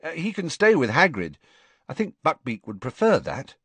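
A man's voice: fairly high pitch, wildly swooping pitch, normal speed, fairly bright tone, breathy edge, no echo, pitched above the performer's own voice, full character voice. A man voicing a teenage boy wizard who speaks curtly and a bit flustered. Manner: curt, flustered.

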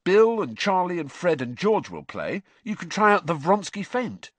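Brief: eager gangly teen boy, played by a male reader, blunt, high and bouncy. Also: very animated, moderate pace, a bit bright, no echo, exaggerated voice.

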